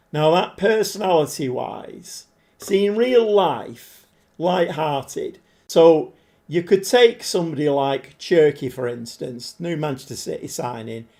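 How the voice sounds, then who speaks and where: A man live-streaming a game, chatting to viewers and getting easily frustrated, his voice a bit hoarse. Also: fairly high pitch, mellow. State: voice struggling, slightly hoarse. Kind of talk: live-stream commentary while playing.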